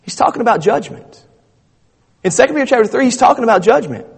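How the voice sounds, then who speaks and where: In a reverberant church sanctuary, a pastor delivers a sermon that is emphatic, repetitive, and conversational. He speaks quickly and animatedly in a very high-pitched voice that is creaky and slightly rough.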